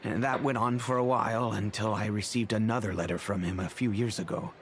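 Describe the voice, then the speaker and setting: Man voicing a kindly wealthy father, low and measured. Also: fairly even intonation, slight background noise, close to an everyday voice. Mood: reflective. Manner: measured, reflective storytelling. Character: wealthy, kindly middle-aged father recounting the past. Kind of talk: game cutscene dialogue. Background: game music.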